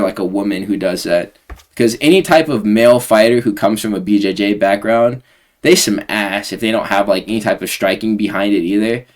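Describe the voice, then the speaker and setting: A young man hosting casual fight predictions, slangy, rambling and sarcastic. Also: medium pitch. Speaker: host.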